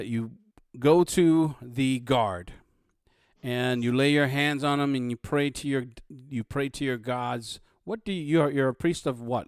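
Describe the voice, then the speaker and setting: A man running a tabletop game as game master, narrating in a halting, playful way with many restarts. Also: medium pitch, no room sound, studio quality.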